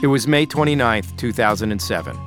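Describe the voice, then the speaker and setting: A man giving measured, scripted documentary narration. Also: medium pitch, animated, over loud music. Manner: measured, clear.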